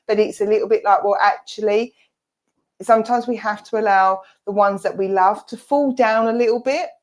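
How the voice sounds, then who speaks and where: A woman with an Essex accent gives a mediumship reading. She is chatty and reassuring, and she relays what a spirit says in quick asides. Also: mid-range voice, fairly even intonation. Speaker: presenter and medium. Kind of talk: giving an online mediumship reading.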